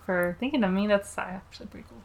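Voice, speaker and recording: Mid-pitched woman, casual tabletop player. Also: quick pace, vocal fry. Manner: casual, speaks in character. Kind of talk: tabletop role-play chat.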